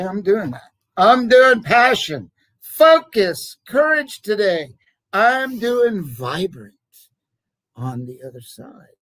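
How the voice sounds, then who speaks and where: A middle-aged man, a jewelry business owner, talking casually to camera in an animated, rambling, emphatic way. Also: high-pitched, no room sound, rough recording.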